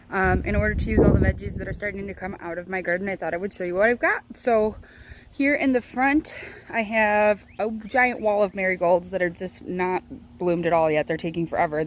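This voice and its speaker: A woman's voice: mid-range voice, a little hiss or hum, poor audio. A young woman chatting casually as she cooks and hosts her own vlog, rambling a little with plenty of ums. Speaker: home cook and channel host. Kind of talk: casual cooking vlog chat.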